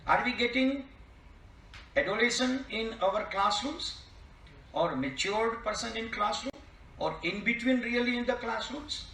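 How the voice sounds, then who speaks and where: A man's voice: very high voice, measured pace, creaky, bright, forceful tone, slight background noise. An older man with a Gujarati accent giving a formal keynote lecture, stressing single words and asking the audience rhetorical questions. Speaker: keynote speaker. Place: college seminar hall. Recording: echoey hall, distant mic.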